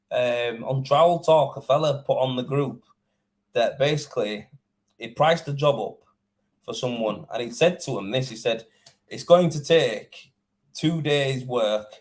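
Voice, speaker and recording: A young man, a plasterer, chatting casually and indignantly on a livestream, swearing and rambling. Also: mid-range voice. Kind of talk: casual live-stream chat.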